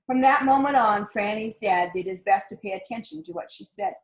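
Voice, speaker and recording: Gentle woman reading a picture book. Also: mid-range voice, brisk. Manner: gentle, expressive storytelling. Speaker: storybook reader. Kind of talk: storybook read-aloud.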